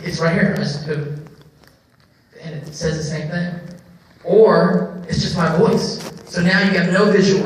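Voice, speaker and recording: A man speaking at a convention panel, answering audience questions in a reflective, animated way with many "you know"s. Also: high-pitched. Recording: echoey hall from far off, faint noise.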